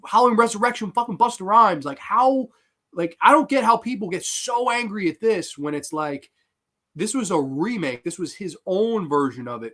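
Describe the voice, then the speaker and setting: A man hosting a horror film livestream, ranting casually and loudly with lots of swearing while answering chat. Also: a little high. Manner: loud, animated, profane ranting.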